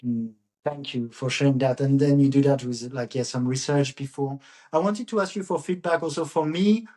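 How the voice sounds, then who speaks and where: A man in his thirties with a French accent, hosting a podcast and asking his guest for feedback in a soft, reflective way. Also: mid-range voice. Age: 30s. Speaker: podcast host. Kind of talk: casual interview chat.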